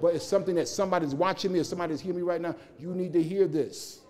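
Animated man, mellow tone. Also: sits high, racing, soft background music. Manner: rhythmic, repetitive preaching with humorous asides. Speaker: pastor. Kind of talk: sermon.

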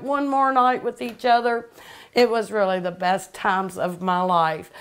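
A woman's voice: a little high, smooth. A middle-aged woman, hosting a cooking show and chatting casually, repeating herself as she tells family stories. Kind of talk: casual storytelling to camera.

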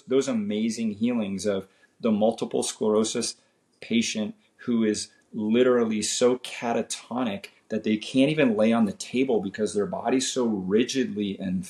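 A man's voice: on the low side, a little mellow. A man from Canada, a guest in a casual chat, speaking earnestly with frequent "right?" tags. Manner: earnest, faith-filled, says "right?" and "man" often. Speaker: guest, chiropractor.

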